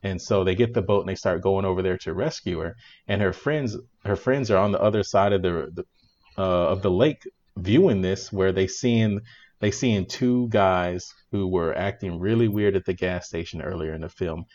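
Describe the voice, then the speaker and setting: Man, lowish voice, chatty movie-review co-host, laughs a lot, dull lo-fi sound. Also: normal speed. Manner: animated, laughing retelling with restarts. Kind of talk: casual movie review chat.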